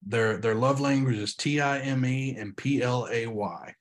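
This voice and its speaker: Being interviewed casually on a podcast, a young man who is a pastor speaks with earnest conviction. His medium-pitched delivery is halting, full of frequent restarts.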